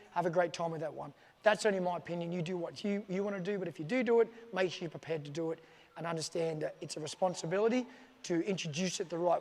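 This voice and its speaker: A high-pitched man speaks with a long reverb tail trailing his words. He's a dog trainer at a training facility with staff nearby, offering casual, plain-spoken advice to the camera and repeating his main points.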